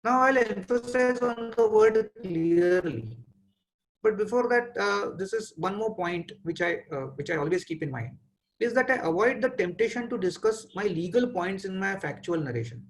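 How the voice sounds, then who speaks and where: A trial lawyer in his forties with an Indian English accent gives a webinar lecture over a video call mic, measured and pausing often with "uh" as he thinks aloud. His voice sits high, and the audio is poor.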